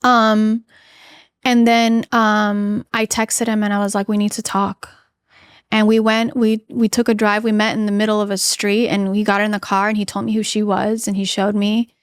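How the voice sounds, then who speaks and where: She's in her thirties, a podcast guest with a mid-range voice, flat delivery, and moderate pace, heard in a clean, dry studio recording. Her personal story comes across earnestly and candidly, and she acts out quoted remarks, including things she said herself.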